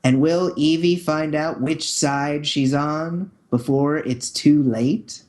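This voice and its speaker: Upbeat podcast host guy, bit higher voice, jokes around, trips over his words a lot. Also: fairly even intonation, slow pace, a little mellow. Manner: upbeat, jokey, repeats words as he restarts. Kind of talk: casual chat.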